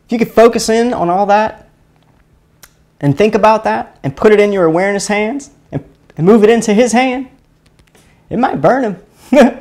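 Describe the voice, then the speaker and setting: A man's voice: high voice, darkish tone. A man from Mississippi hosts a casual live stream. He rambles and chuckles, often stopping to restart his sentences. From Mississippi, USA. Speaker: host of an energy healing live stream.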